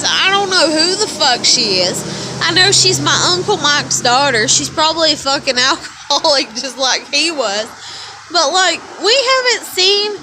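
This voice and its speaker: A woman's voice: high voice, pushed and bright, slight background noise. A woman rambling and swearing to camera over drinks, swinging between bitter anger and teary outbursts. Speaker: vlogger.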